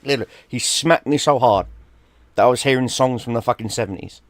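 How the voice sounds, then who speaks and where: A man's voice: medium pitch, fast, no echo. A middle-aged man, casually telling a story, swearing freely and acting out what people said. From London, England. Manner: animated, swears freely, acts out quoted people. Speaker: streamer.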